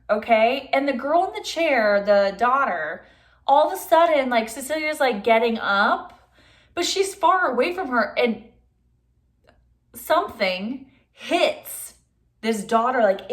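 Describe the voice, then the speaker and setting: A high-pitched young adult woman chats through a casual film review for her vlog. She sounds exasperated and keeps dropping "like" into nearly every line.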